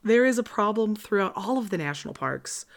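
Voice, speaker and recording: A woman from Michigan co-hosting a podcast, telling a story in casual chat, animated, swearing freely and laughing often. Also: mid-range voice, brisk. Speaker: podcast co-host.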